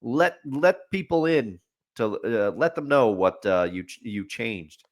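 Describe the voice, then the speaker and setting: Male co-host, mid pitch, very lively intonation, playful banter. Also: a little slow. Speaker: podcast co-host. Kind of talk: casual sports chat.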